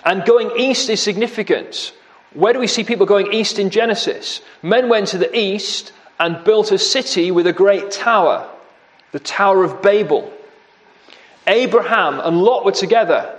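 Male preacher, slow deliberate delivery, fairly high voice, grave and emphatic. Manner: slow, grave, emphatic, repeating key words. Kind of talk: sermon.

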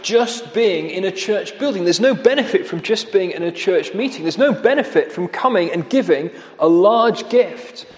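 A man's voice: animated, normal speed, hardly any pauses. A man preaching a sermon. He speaks with sarcasm and mocks his quoted lines by lifting his voice. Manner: sarcastic, mocking quotes with rising pitch. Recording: echoey hall.

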